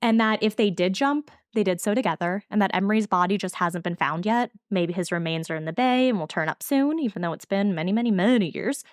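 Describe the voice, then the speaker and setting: Woman podcaster rattling through a true crime case, quick and chatty, dry close mic. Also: mid-range voice, lively intonation, no room sound. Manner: fast, chatty storytelling from notes. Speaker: podcast co-host. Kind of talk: casual true-crime chat.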